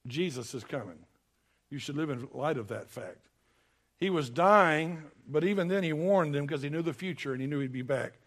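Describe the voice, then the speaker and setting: A man preaching a sermon, folksy and emphatic, with sudden loud bursts. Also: a little high, expressive, moderate pace. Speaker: pastor.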